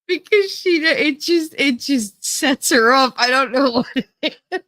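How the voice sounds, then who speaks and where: A woman's voice: high-pitched, expressive, measured pace, pushed and bright, no echo, clean studio sound. A middle-aged woman from New Jersey with a New Jersey accent, chatting casually with her live chat, laughing often and swearing freely. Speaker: streamer reading chat.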